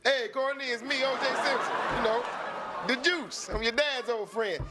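High wheedling celebrity voice, hurt and pleading, sketch comedy, noisy TV clip. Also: male voice, normal speed. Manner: whiny, wheedling and high-pitched. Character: cast member's impression of a famous man, hurt and pleading.

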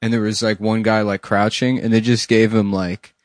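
A man's voice: fairly low pitch, flat delivery, moderate pace, no echo, clean studio sound. A man co-hosting a podcast, riffing crude jokes in casual chat. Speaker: podcast co-host.

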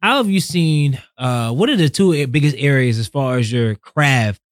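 A podcast host interviewing a guest in a relaxed, casual way, often agreeing along and asking rambling follow-up questions. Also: medium pitch, normal speed, no echo, studio quality.

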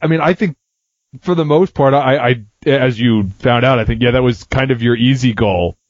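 A man's voice: mid-range voice, moderate pace, no echo, muffled recording. A man in casual chat, recapping a game session, who laughs easily and throws in chatty asides.

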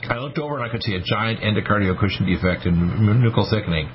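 A man's voice: fairly low pitch, fast. A man in his sixties hosting a radio talk show, telling stories emphatically and acting out the voices of people he quotes. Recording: slightly muffled radio broadcast with faint noise.

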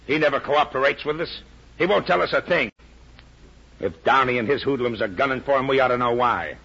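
A man playing a gruff, sarcastic police lieutenant in a 1940s radio drama. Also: mid-range voice, brisk, pushed and bright. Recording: dull old radio broadcast.

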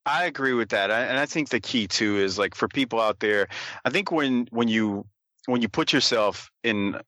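A man's voice: lowish voice, pushed and bright, no echo, clean studio sound. A man co-hosting a wrestling podcast, talking in a rambling, casual way with frequent restarts. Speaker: wrestling review podcast co-host. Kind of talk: casual chat.

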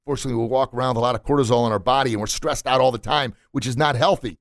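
Gravelly and racing, yet steady in tone, this mid-range male voice comes through a dry studio recording. A middle-aged motivational podcast host preaches emphatically on a studio mic, hammering ideas home by repetition.

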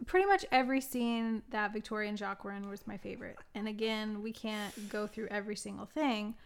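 A woman's voice: medium pitch, fairly quick, creaky, clean tone. A woman co-hosting a casual film review chat, gushing as she retells favorite scenes. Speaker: podcast co-host.

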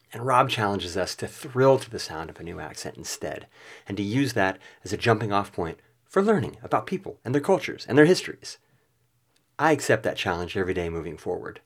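A man hosting a podcast, reading a reflective, self-deprecating outro. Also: fairly low pitch. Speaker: podcast host.

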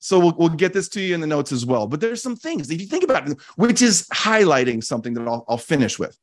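A man with a slightly high voice talks through his ideas in a reflective, teaching way, the way a podcast host would. He is earnest, often restarts his sentences, and repeats key phrases for emphasis. The sound is dry and close, with no room echo. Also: big pitch swings, fast. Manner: frequent restarts and casual fillers.

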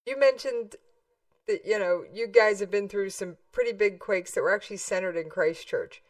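A woman's voice: medium pitch, normal speed, no room sound, recorded from a distance. A woman hosting a casual chat, giving short, encouraging replies. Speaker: host.

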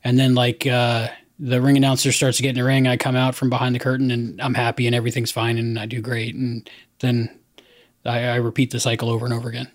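Male podcast host, mid-pitched, loose rambling talker, dry sound. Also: monotone, fast, no room sound. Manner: rambling, many fillers and restarts. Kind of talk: casual chat.

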